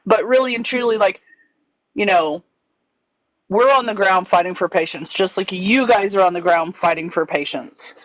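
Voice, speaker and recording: A woman's voice: mid-range voice, normal speed. A woman talks earnestly and chattily about a bill for patients, leaning on fillers as she explains. Her audio is dull and lo-fi. It sounds dry, with no room echo. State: hiccups. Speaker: pharmacist advocate. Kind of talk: casual advocacy chat.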